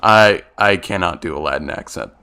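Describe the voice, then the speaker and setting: A man's voice: sits low, moderate pace, sharp tone, a little hiss or hum. A young man streaming a video game, chatting casually, laughing often and restarting his sentences. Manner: laid-back, laughs often, hesitant restarts. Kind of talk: casual gameplay commentary.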